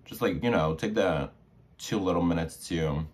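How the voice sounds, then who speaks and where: A man's voice: low voice, moderate pace, a little mellow. A young man vlogging while doing his makeup, chatty and dramatic, acting out the quoted dialogue as he retells a story.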